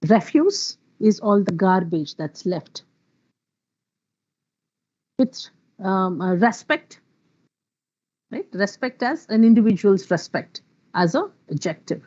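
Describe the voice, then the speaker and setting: A woman's voice: mid-range voice, animated, measured pace, long pauses, a little mellow, highs cut off. Woman lecturing on word stress. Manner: explanatory, spells out and lists example words. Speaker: workshop speaker on pronunciation. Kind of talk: online workshop lecture.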